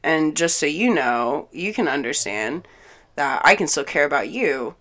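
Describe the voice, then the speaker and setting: A young woman telling a story in a casual vlog, animated and exasperated, swearing a lot and acting out both sides of an argument. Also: deep voice, unhurried. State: angry and exasperated.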